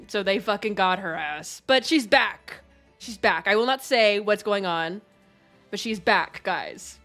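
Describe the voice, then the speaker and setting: Her voice on the low side and a bit bright, a young woman streams live, pouring out thanks to donors over and over amid frequent laughter. It's relaxed livestream talk with quiet music in the background.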